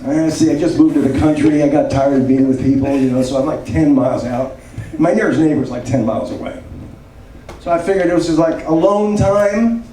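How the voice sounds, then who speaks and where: A man's voice: fairly high pitch, brisk. A man in his seventies doing a self-mocking, rambling stand-up set. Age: 70s. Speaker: stand-up comedian. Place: comedy club stage. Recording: echoey club, distant mic, audience. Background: crowd laughter.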